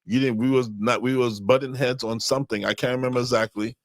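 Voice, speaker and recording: Man, podcast co-host, casual chat, halting restarts, easygoing, average pitch, dry close mic. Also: fairly even intonation, dry recording.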